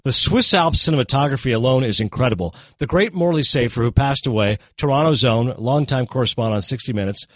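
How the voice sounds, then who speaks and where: A chatty man on a talk show reviews films in a casual, animated way, full of quick asides and self-corrections. His voice is medium-pitched and the recording is dry.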